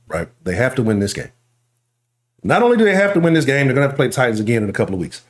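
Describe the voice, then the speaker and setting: A man with a Houston accent hosting a live sports talk stream, ranting loudly and profanely while reading the chat. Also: fairly high pitch, reverberant. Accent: Houston Texas. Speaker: sports talk show host.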